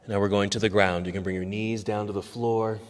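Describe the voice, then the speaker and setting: A man teaching a yoga class, calmly cueing poses step by step and easing toward relaxation, a little out of breath. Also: on the low side, brisk, long reverb tail. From United States. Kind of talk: guided yoga class instruction. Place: yoga studio.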